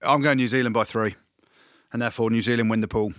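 A man co-hosting a casual sports podcast, chatty and excitable, his voice jumping up when he jokes. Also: fast talker, dry recording, studio quality. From Wales. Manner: excitable, jumps up in pitch when joking. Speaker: podcast co-host, pundit.

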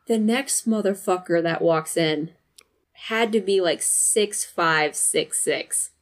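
A woman's voice: lowish voice, slow. A woman telling a rambling, profane story in casual conversation, laughing often. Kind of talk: casual chat.

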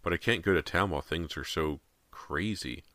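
A man's voice: sits low, moderate pace, bright, forceful tone, no room sound. A man narrating an audiobook, voicing a frightened teenage girl. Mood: worried.

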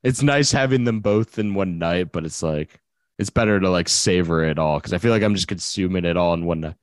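A man's voice: low-pitched, brisk, no echo. A man chatting casually on a podcast, laid-back and swearing often. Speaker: podcast guest.

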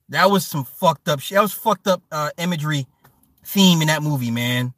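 A man in his thirties hosting a stream, chatting casually, loud and profane, telling stories with animated swings. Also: fairly high pitch, brisk, no room sound. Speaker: stream host reading chat. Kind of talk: casual chat.

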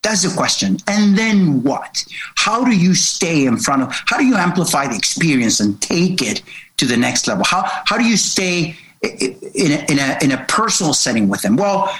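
A man's voice: a little high, sing-song, a little fast, fairly bright tone, low-quality recording. A man who is a marketing consultant, explaining his approach earnestly in a casual interview, repeating words and using many fillers.

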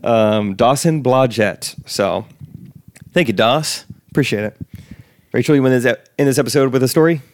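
A man's voice: medium pitch, normal speed, no echo, clean studio sound. A young American man hosting a podcast in casual, jokey chat, laughing often. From United States. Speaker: podcast host.

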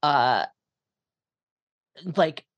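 Woman co-host, low voice, loose and chatty, swears casually. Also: expressive, extremely slow, highs cut off. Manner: rambling, heavy filler words, swears freely. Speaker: podcast co-host. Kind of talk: casual film discussion.

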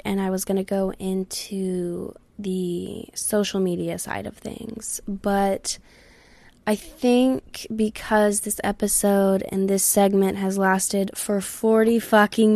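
A woman's voice: mid-range voice, mellow, dry recording. A young woman hosting a solo podcast, talking candidly and rambling, swearing freely and sometimes dropping to a whisper. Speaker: podcast host. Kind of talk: casual solo podcast chat.

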